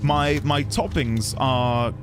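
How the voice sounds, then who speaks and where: A man's voice: medium pitch, steady tone, slow pace, music in the background. A man streaming a game, musing aloud playfully as he reads notes and explores. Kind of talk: let's-play commentary.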